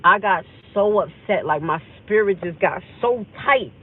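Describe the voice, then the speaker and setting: Through tinny, phone-like sound with slight background noise, a woman at medium pitch speaks a little slowly. She's hosting a livestream, intensely rambling through an emotional personal story and acting out remembered exchanges.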